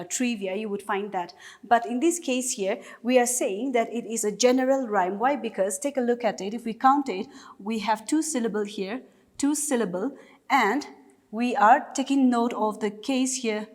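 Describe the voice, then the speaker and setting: Woman, Nagaland accent, English teacher, patient step-by-step explanation, slightly high voice, reverberant room. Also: a little mellow. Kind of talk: classroom lesson explanation.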